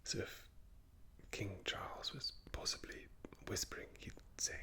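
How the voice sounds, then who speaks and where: A young man with a London and southern English accent, talking softly in an ASMR whisper, self-deprecating and amused. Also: lowish voice, steady tone, measured pace, creaky. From England. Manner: soft, self-deprecating, chuckling. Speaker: ASMR creator.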